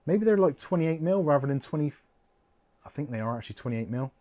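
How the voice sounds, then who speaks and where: Male host, casual live-stream talk, lively pitch, swears and laughs at himself. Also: fast talker.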